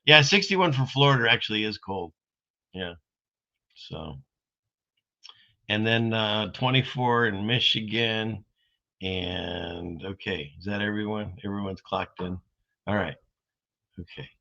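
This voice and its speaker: A man's voice: fairly low pitch, takes it slowly, long pauses, sharp tone. A man hosting a casual live stream, rambling in a folksy way as he reads out viewer comments. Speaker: streamer host. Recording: dull lo-fi stream audio.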